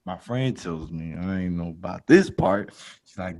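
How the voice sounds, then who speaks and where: A male podcast host telling a comic story in casual slangy talk, laughing along and jumping to loud exclaims when he quotes himself. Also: low voice, a little slow. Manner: animated, jumps to loud exclaims in quoted lines.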